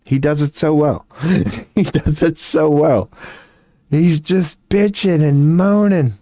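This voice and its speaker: This streamer is a man in his forties with a fairly high, warm voice who talks slowly. He chats casually on a livestream, rambling, swearing and laughing often. The recording is dry and studio quality.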